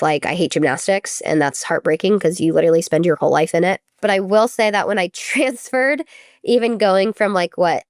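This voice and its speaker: A young woman with a fairly low voice tells her story in a chatty, casual way. She leans on filler words and acts out what others said. The sound is dry and close. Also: darkish tone, no echo. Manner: chatty, many "like" fillers, acts out quoted speech. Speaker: former college gymnast, guest.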